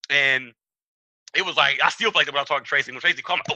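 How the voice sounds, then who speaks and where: Young man, rapid excited storytelling, bright sharp voice, dry sound. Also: on the high side, no room sound, poor audio. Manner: excitable, acts out quoted dialogue in raised voice. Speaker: trading trainer. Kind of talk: animated storytelling talk.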